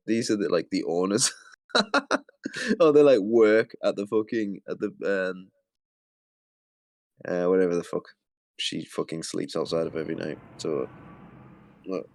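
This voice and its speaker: A man's voice: low-pitched, moderate pace, creaky, pauses often, a little mellow, no room sound. A man ranting with heavy profanity and exasperation as he comments on videos. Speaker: commentary host.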